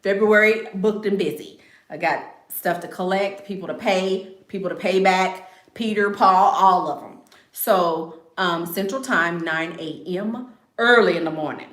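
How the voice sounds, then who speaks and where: A woman's voice: medium pitch, unhurried, a bit bright, echoey room. A woman chatting casually on a live stream. She talks bluntly and with confidence, and she repeats her phrases for emphasis. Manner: blunt and self-assured. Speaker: online content creator.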